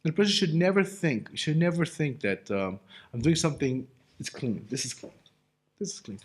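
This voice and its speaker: Man, rabbi teaching, informal Torah lesson, lively up-and-down pitch, slightly high voice, chatty fillers, rhetorical questions. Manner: animated and conversational, full of casual fillers; asks himself rhetorical questions.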